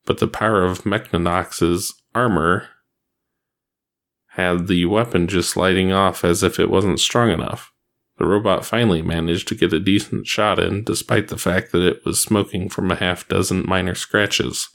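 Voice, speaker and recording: A man reads an action adventure story aloud at a steady pace. His voice sits very low and carries a gravelly fry throughout, with a plain, even delivery. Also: moderate pace. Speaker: narrator. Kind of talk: reading fan fiction aloud.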